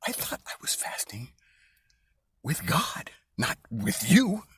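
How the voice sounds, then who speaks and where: A man preaching an informal sermon in a mocking, conspiratorial tone, dropping into whispers and then rising to loud outbursts. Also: mid-range voice, huge pitch swings, takes it slowly. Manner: swings between hushed whispers and loud, sarcastic exclamations. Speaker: self-made online preacher.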